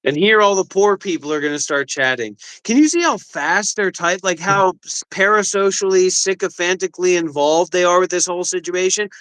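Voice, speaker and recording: A man's voice: sits high, brisk, few pauses, fairly bright tone, smooth, rough recording. A man co-hosting a livestream, ranting and mocking in casual chat. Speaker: livestream co-host.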